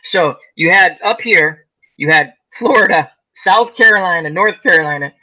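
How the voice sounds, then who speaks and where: A man's voice: high-pitched, moderate pace, bright, forceful tone, rough recording. A man hosting a casual chat, telling rambling stories with lots of fillers. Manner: rambling storyteller, many fillers. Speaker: host.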